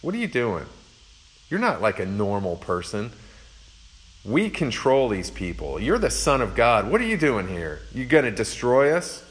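A man's voice: medium pitch, wildly swooping pitch, moderate pace, low-quality recording. A man voicing a horde of demons who mock and act tough while afraid. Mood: mocking, defiant. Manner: mocking, defiant, rising in volume. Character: taunting demon horde, fearful yet acting tough.

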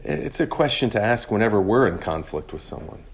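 A man with a fairly low voice delivers a sermon from the pulpit. He speaks earnestly and deliberately, drawing out key phrases for emphasis. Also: big pitch swings, vocal fry. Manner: earnest, measured preaching with slowed emphatic phrases. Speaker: preacher.

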